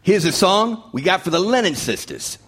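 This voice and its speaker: Sketch comedy: male actor as a brisk TV executive, husky voice, animated. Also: high-pitched, exaggerated voice. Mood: smug. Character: smug male network executive.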